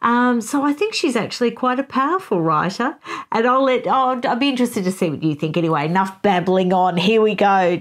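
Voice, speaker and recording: A woman hosting a book review show, talking through a chapter in an animated, conversational way. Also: mid-range voice, normal speed.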